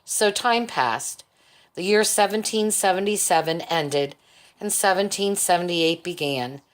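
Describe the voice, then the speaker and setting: A woman reading a chapter of a novel as an audiobook, measured, lifting her voice for the quoted characters. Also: lowish voice. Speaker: audiobook reader. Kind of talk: audiobook narration.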